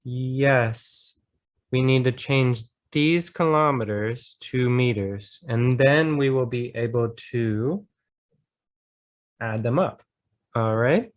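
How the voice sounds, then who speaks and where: A man's voice: medium pitch, slow pace. A man with an American accent tutoring a student in math, patiently thinking aloud step by step and encouraging her. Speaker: math teacher. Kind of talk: online tutoring lesson.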